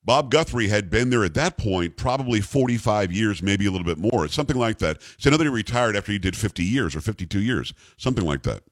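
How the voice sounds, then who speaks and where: Man, radio talk host, bass voice, lively rising and falling delivery, jokey storytelling, dry studio sound. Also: fast talker, few pauses, no room sound. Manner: animated, jokey, puts on voices for the people in his stories. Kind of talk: casual on-air storytelling. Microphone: studio microphone.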